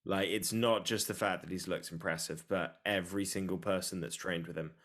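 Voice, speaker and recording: A man co-hosting a podcast, chatting casually and excitably about fights with a joking tone. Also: deep voice, a little fast. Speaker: podcast co-host. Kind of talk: casual sports chat.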